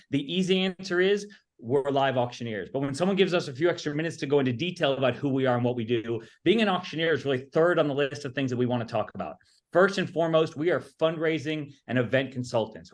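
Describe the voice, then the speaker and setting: Brief: confident auctioneer with a slightly high voice, pitching his services in a webinar. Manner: upbeat, confident sales-style delivery. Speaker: auctioneer and fundraising consultant. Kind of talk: webinar presentation. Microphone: video call.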